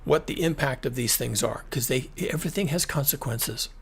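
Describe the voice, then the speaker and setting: A man's voice: mid-range voice, moderate pace, creaky, slightly rough. A middle-aged man from the United States hosting his own commentary, talking emphatically and repeating himself with frequent restarts. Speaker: climate commentary channel host. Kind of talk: solo screen-share commentary.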